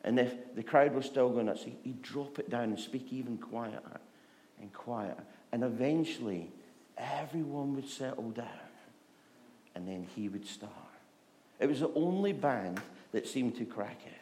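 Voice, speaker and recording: A man giving a relaxed, conversational sermon in a middle-pitched voice. He jokes with his listeners, then often sinks into a soft, near-hushed delivery. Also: moderate pace, a little hiss or hum. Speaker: preacher.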